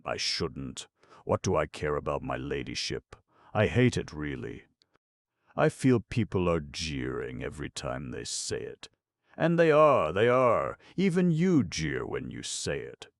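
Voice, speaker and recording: A man's voice: rumbling low, sing-song, unhurried, gravelly, no room sound, studio quality, exaggerated voice. A man doing a blunt, brooding gamekeeper. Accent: rural English dialect. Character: guarded rough-spoken male gamekeeper, brooding.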